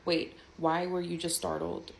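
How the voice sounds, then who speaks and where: A woman's voice: lowish voice, completely flat delivery, creaky, a little hiss or hum. Woman playing a flustered young library patron. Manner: rushed, anxious explaining.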